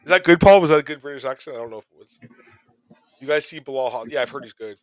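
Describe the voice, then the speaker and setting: A man hosting a podcast in casual chat, rambling through topics with quick joking asides. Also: medium pitch. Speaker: podcast host.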